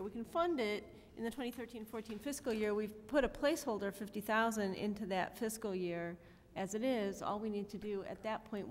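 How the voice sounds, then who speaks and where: A woman's voice: medium pitch, a little hiss or hum. A woman alderman explaining a project timeline step by step at a council meeting. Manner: methodical, explains steps in order. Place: council chamber. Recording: long reverb council chamber audio.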